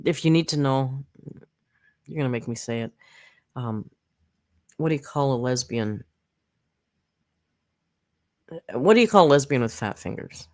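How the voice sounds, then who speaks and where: A woman hosting a casual live reaction stream, snarky and profane, rambling with fillers, close to her mic. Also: extremely low pitch. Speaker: commentary channel host. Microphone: close desk mic.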